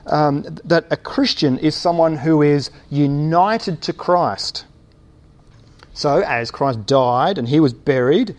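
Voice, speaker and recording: Preacher, male, a touch high-pitched, halting delivery full of fillers, rhetorical questions to the congregation. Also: a little mellow. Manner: thinks aloud with many fillers and restarts, asks rhetorical questions. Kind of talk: sermon.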